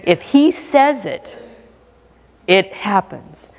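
A woman's voice: medium pitch, sing-song, extremely slow. A woman preaching a sermon in a conversational, emphatic way, with playful asides. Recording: long reverb of a hall.

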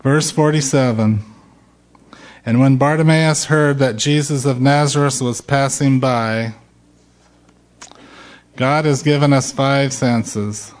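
Middle-aged male pastor; measured, slow sermon delivery with emphatic peaks. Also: mid-range voice, steady tone. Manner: slow, emphatic preaching, rising loud when quoting shouts.

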